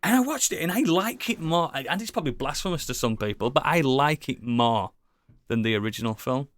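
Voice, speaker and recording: A man chatting casually as a podcast co-host, rambling and enthusiastic, swearing often and filling pauses with ums and likes. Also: mid-range voice, expressive, fairly bright tone. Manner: rambling, enthusiastic, swears a lot, many fillers. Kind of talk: casual chat.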